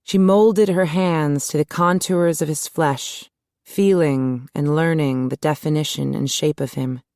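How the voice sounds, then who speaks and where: A woman narrates an audiobook in a smooth, measured voice. Her pitch is low for a woman. The recording is close and dry, with no room sound. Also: fairly even intonation, darkish tone, dry recording. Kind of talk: scripted narration.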